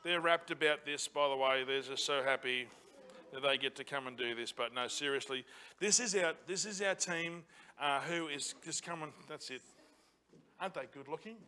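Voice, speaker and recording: Bright high-voiced passionate pastor. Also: male voice, normal speed, clean tone. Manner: passionate, rising to loud emphatic repetition. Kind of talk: sermon. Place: church auditorium.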